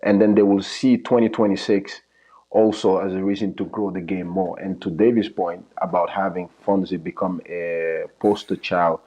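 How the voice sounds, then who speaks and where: A man with a very low voice gives soccer analysis during a live watch stream. He talks earnestly and often repeats or restarts his phrases. The audio sounds dull and lo-fi. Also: fairly even intonation, normal speed, warm tone. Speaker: soccer coach and guest analyst. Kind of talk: live match commentary chat.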